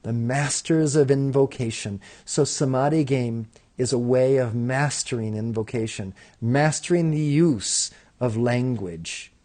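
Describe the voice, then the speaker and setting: A man leading a live spiritual invocation session, chanting decrees in rhythmic, repeated lists and dropping into relaxed asides to listeners. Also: medium pitch, unhurried, hardly any pauses. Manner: rhythmic, incantatory, repeating lists with rising emphasis.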